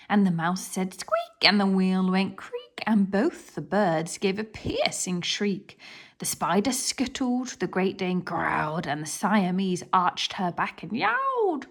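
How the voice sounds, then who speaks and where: Slow, animated woman reading a picture book. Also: medium pitch. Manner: expressive, with whispered passages. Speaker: children's story reader.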